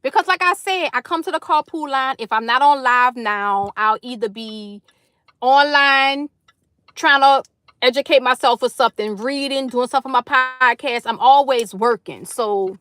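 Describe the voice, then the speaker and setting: In a dry, studio-quality recording, a woman with a high, slightly bright voice speaks at a moderate pace. She is livestreaming casually from her car in a carpool line, chatting effusively with viewers and greeting each by name.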